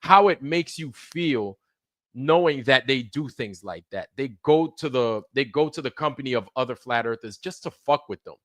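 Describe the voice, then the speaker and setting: A man's voice: mid-range voice, expressive, moderate pace, no room sound, clean studio sound. A man hosting a livestream, delivering heated, profane commentary, repeating himself for emphasis. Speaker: livestream host.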